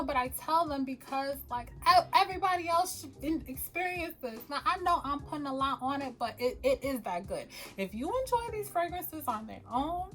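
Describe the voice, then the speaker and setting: A woman talking casually to the camera as a perfume vlogger, animated and quick to laugh, often calling her viewers y'all. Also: high voice, rough recording.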